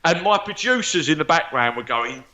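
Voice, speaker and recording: A man's voice: fairly high pitch, animated, moderate pace, pushed and bright, highs cut off. A man, a guest psychic medium, telling stories animatedly and acting out the voices of the people he quotes. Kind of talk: storytelling interview chat.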